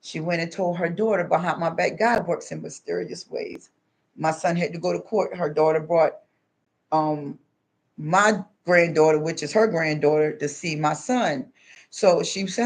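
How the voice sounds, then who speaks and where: An older woman tells a story in a spiritual monologue, acting out the quoted voices with big pitch jumps. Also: moderate pace. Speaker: spiritual speaker.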